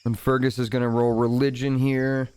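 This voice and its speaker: A man narrating a tabletop game as dungeon master, setting scenes calmly and chatting casually between rolls. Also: medium pitch, moderate pace, smooth, no room sound. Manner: calm, descriptive scene-setting with casual asides.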